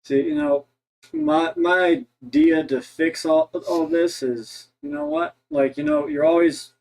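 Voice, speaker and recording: A man from Ohio co-hosting a casual livestream chat, rambling and halting with many restarts. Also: fairly high pitch, very animated, creaky, darkish tone, rough recording. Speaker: co-host.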